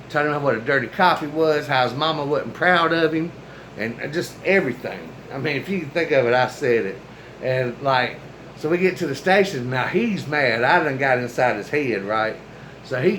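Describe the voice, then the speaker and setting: A man in his forties with a fairly high voice tells a story from his own life in a loose, casual way. His talk is slangy and colloquial, and he acts out the lines of the people in the story. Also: lively intonation, normal speed, fairly bright tone, a little hiss or hum, poor audio. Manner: acts out quoted dialogue.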